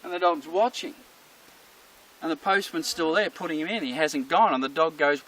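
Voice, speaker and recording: A man who trains dogs, talking viewers through an example in an animated storytelling way. His voice is bright and sits a little high for a man. The mic is some distance away, with a faint hiss behind him. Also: moderate pace. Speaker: dog trainer. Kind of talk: explaining with a story.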